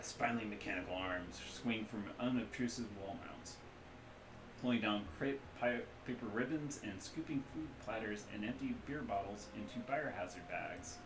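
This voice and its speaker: A man's voice: lowish voice, noisy background. A man serving as game master, narrating a tabletop role-playing game casually, dropping apologetic asides between scene descriptions. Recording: roomy echo with faint ambience.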